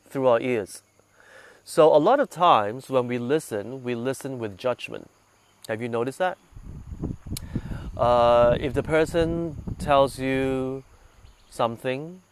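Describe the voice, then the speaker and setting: A man leading a meditation group, talking gently and conversationally and putting questions to his listeners, a little congested from sinus trouble. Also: medium pitch, smooth, no echo. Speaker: meditation guide. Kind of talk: relaxed talk to a meditation group.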